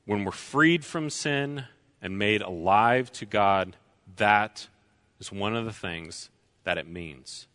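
Slow bright-voiced male preacher. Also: lowish voice. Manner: slow and deliberate, repeats key lines for emphasis. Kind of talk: sermon.

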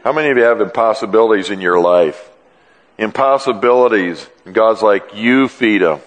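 A male pastor preaching a sermon in an animated, joking way, often acting out dialogue. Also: lowish voice, a little fast. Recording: long reverb in a large hall.

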